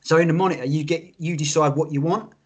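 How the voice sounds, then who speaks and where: Animated sweary man chatting. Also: a little high, fast talker, slightly rough. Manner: animated, sweary, tells stories with quoted voices. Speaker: podcast co-host. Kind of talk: casual chat.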